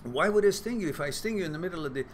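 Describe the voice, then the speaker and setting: Sly scorpion guy sweet-talking for a ride, some man putting it on, lively up and down. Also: a little high, racing, a little hiss or hum, lightly acted. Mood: coaxing. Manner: coaxing, reassuring. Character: scheming male scorpion pleading for a ride.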